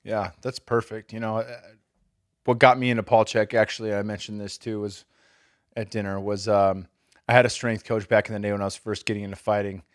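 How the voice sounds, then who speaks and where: Male podcast host, relaxed and profane, lowish voice, dry close sound. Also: brisk, dry recording. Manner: loose and profane, swears casually. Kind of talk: casual podcast interview.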